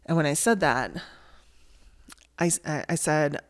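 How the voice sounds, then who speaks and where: A woman with a low voice speaks a little slowly as she tells a personal story on her podcast. She's candid and conversational, restarting sentences and using blunt language.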